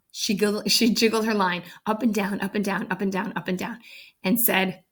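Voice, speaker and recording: A woman's voice: medium pitch, steady tone, normal speed. A woman reading a picture book aloud, breaking off for chatty, amused asides. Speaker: storybook reader. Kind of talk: read-aloud storytelling with asides.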